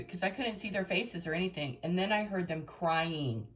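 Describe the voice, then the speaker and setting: Woman, tarot reader, emotional rambling storytelling, lower voice, soft music behind. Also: normal speed. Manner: emotional, rambling, dramatic retelling. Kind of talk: personal storytelling to viewers.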